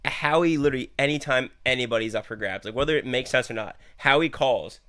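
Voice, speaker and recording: A man's voice: mid-range voice, fast, bright, forceful tone, no echo, studio quality. A young man co-hosting a podcast, chatting casually about football in a rambling way with lots of fillers. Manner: rambling, lots of fillers, laughs while telling stories. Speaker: podcast co-host. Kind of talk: casual sports chat.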